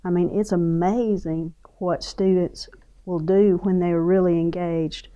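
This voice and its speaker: A woman speaking as a school district leader in a documentary interview, measured and earnest. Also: fairly low pitch, fairly even intonation, warm tone, muffled recording.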